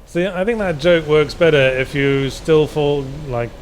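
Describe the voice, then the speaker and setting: Man telling a halting, rambling joke. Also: fairly high pitch, slight background noise. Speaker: co-host. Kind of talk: casual let's-play chat.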